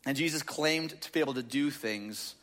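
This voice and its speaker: The long reverb of a large hall surrounds this recording of a pastor preaching to a crowd in a big church auditorium. His voice is medium-pitched with a fairly bright tone and a moderate pace. His sermon is casual and jokey, heavy on filler words.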